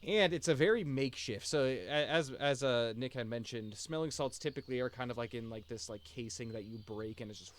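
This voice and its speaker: A man's voice: mid-range voice, brisk, few pauses. Game master, male, casual rambling narration. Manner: casual, many fillers and restarts.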